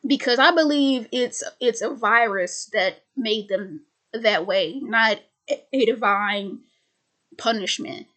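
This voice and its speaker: A woman host recaps a film's plot in a voice that is a little high, pushed and bright, speaking slowly. She stutters, repeating words and restarting sentences, and keeps it loose and chatty with heavy use of "like".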